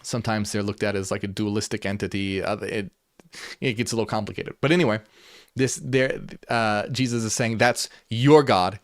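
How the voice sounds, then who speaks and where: A man's voice: on the low side, level tone, fairly quick, no echo. Earnest man explaining old texts, dry sound. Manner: earnest, repeats himself, with restarts and fillers; switches between reading passages aloud and casual paraphrase. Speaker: channel host. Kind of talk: unscripted talk reading and explaining ancient texts.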